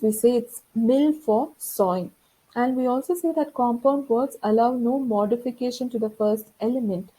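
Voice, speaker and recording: A woman's voice: fairly high pitch, warm tone, breathy edge, poor audio. A woman lecturer explaining course material in a recorded lesson, talking it through with frequent fillers and restarts.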